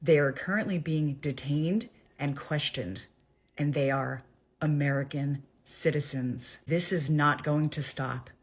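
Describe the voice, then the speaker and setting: A woman in a news clip speaking gravely and emphatically. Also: deep voice, a little slow.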